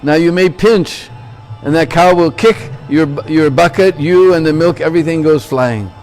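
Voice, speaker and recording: A man's voice: fairly high pitch, moderate pace, a little mellow, soft background music. Man giving a sermon. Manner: checks in with listeners by asking "Hmm?" and "Huh?". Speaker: religious lecturer. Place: temple.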